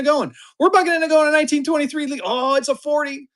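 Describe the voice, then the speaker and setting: High-voiced man in his fifties calling auctions. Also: steady tone, quick pace, a bit bright. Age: 50s. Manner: chatty, upbeat, hypes the bids. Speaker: live auction seller. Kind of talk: live-stream auction patter.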